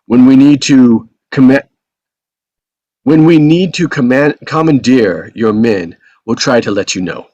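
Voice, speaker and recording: A man reading several police and FBI officials in a brisk, clipped tone, in a table read over a video call. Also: mid-range voice, darkish tone, dry recording, lightly acted. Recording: dull dry video call audio.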